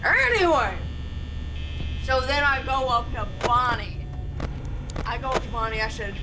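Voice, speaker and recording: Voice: medium pitch, expressive, a little slow, pauses often, background noise. A storyteller rambling through an absurd comedic tale in a strained, put-on silly voice, full of fillers and restarts.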